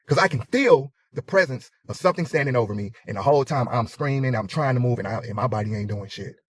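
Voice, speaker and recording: A man with a medium-pitched, animated voice tells a personal story at a quick pace, cursing freely and dramatically acting out sounds and his own panic. He's the storyteller in a clip that others are reacting to.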